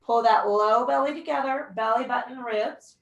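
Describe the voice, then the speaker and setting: A young woman instructs a mat pilates class at a moderate pace, her slightly high voice creaky and the audio dull. She counts breaths, offers encouragement and whoops now and then. The room echoes and she sounds far from the mic.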